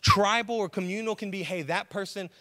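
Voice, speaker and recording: A man preaching a sermon as pastor, animated in his storytelling, and he has a cold. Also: high-pitched, a little fast.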